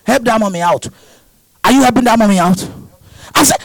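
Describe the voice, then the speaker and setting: A man preaching and praying over a congregation, shouting repeated prayer lines with passion. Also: high voice, fairly quick, gravelly, long pauses, a loud crowd, poor audio. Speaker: pastor.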